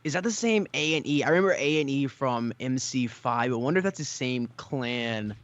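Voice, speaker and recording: A man co-commentating a live mobile shooter tournament in a loose, chatty way, full of asides and fillers. His voice sits at a middle pitch and he sounds a little tired. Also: expressive, brisk, no echo, lo-fi sound. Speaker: co-caster and mobile gaming YouTuber.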